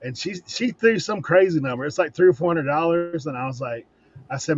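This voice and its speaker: A man's voice: a little high, lively intonation, moderate pace, pauses often, fairly bright tone, slightly rough, dull audio. A man in casual chat on a video call, telling a bargaining story with laughs. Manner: laughs through his stories. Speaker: reseller on a panel.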